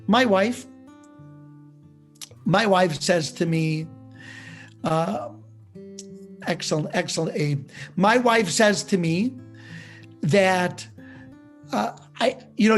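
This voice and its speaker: A man, a rabbi teaching a class, telling a parable in a lively, conversational way and putting questions to his listeners. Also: sits high, slow pace, long pauses, faint music behind. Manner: animated storyteller who acts out dialogue; conversational, asks the audience questions.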